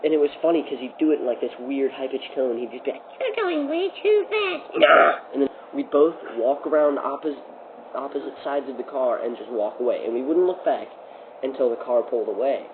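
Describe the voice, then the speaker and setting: A young man tells a rambling story among friends, stumbling over fillers and restarts as he goes. His voice comes through a tinny, phone-like recording with a steady hiss behind it. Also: medium pitch, quick pace. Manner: rambling, laughing, lots of fillers. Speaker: storyteller host.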